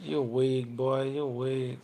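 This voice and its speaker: A man's voice: medium pitch, level tone, takes it slowly, dark tone, a little hiss or hum. A young man, a boxer, taunting his livestream chat in slangy, repetitive trash talk.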